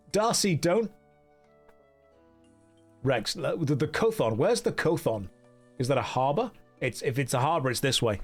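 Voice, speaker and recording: Wry male streamer with a lively voice. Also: mid-range voice. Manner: wry, joking asides to chat while reading game dialogue. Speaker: game streamer. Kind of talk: casual live-stream commentary.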